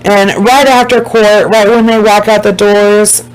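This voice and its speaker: A woman telling a story in a loose, casual vlog style, with a mid-range voice. She talks bluntly and drops swear words as she goes. She often drags her words out slowly to drive a point home. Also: mid-range voice, flat delivery, clean tone, low-quality recording. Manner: emphatic, swears freely, slows down to stress points. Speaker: YouTuber recapping a documentary.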